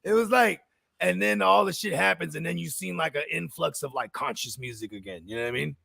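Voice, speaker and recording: Gravelly, husky man chatting casually. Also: on the high side, a little fast, bright, forceful tone, no echo. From California. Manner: loose, profane, slangy storytelling. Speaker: podcast co-host. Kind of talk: casual chat.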